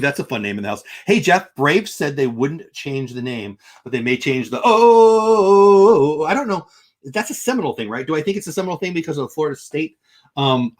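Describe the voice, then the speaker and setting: A middle-aged man on a casual livestream, talking straight to his viewers and answering their chat. His voice is slightly husky and swings widely in pitch as he rants in disbelief. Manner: exasperated, ranting, animated. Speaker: livestream host reading chat.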